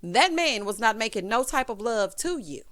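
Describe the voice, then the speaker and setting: Female recap host, sassy, lively pitch, chatty. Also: normal speed. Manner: sassy, animated, calls listeners honey and child. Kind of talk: casual recap commentary.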